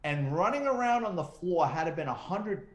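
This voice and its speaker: This retired detective, now an author, is a middle-aged man with a high voice who talks at a moderate pace over crowd noise. As an interview guest in a relaxed setting, he tells stories with animation, performing the voices of those he quotes, and the room gives off a noticeable echo.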